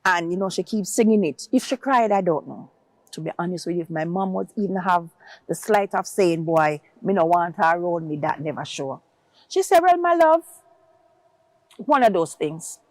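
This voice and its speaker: A woman's voice: expressive, moderate pace, darkish tone, no room sound. A woman tells an emotional personal story as a guest, acting out other people's words in her own voice. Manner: acts out quoted voices, rising high for others' words.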